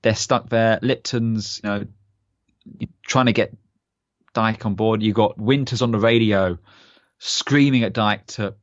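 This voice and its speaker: A young man with a lowish voice co-hosting a podcast, chatting casually and enthusiastically, rambling through fillers and restarts. The recording is dry and a little dull, with a lo-fi sound. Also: fairly even intonation, a little slow, no echo. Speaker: podcast co-host. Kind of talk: casual chat.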